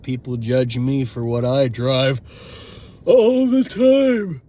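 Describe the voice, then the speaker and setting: A young man rambling to himself while driving, tired and cranky, swearing at other drivers. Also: mid-range voice. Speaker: vlogger. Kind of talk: casual driving monologue. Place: inside a moving car. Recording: loud road noise.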